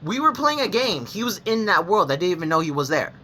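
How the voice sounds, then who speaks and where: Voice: mid-range voice, sing-song, fast talker, sharp tone, a little hiss or hum. A young adult gaming vlogger telling personal stories to the camera, rambling and blunt, with frequent restarts and self-corrections and casual swearing. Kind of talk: candid personal storytelling to camera.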